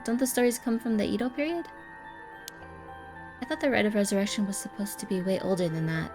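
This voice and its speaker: A woman's voice: medium pitch, brisk, over music, close to an everyday voice. A woman reading the lines of an eager young occult enthusiast in a game, explaining persuasively. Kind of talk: reading game dialogue aloud.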